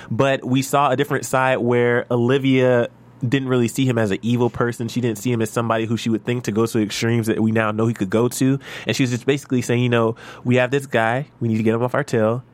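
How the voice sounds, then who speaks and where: Animated man recapping a TV episode. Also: mid-range voice. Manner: animated, gushing, restarts often. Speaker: podcast host. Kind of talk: casual recap chat.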